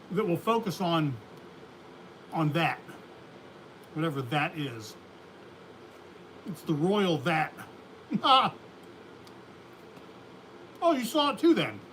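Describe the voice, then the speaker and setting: A man's voice: on the high side, a bit bright, slight background noise. A man hosting a beekeeping livestream, chatting casually in a folksy, rambling way and laughing often. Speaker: beekeeping channel host.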